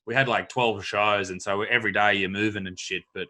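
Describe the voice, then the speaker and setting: Australian host, young adult, bright forceful tone, blunt and sweary. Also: male voice, on the low side, steady tone, fairly quick. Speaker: podcast host, comedian. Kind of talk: casual chat.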